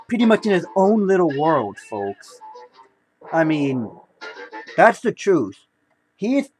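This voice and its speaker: Young male vlogger, high voice, rambling casual delivery, faint music under. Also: a little mellow, poor audio. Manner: rambling, repeats himself, says "folks" and "you know". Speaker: comic collector vlogger. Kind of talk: casual haul video talk.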